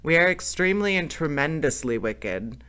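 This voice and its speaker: A man's voice: fairly high pitch, lively intonation, moderate pace, pushed and bright, clean tone, pitched above the performer's own voice. A man voicing a proud, polite, theatrical male bandit leader who speaks in a courtly, grand way.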